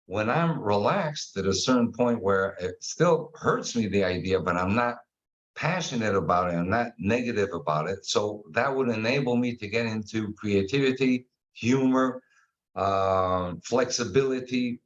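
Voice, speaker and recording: Man, animated storyteller, casual guest chat, muffled sound. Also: lowish voice, measured pace. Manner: animated storyteller, acts out quotes. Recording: dull lo-fi sound.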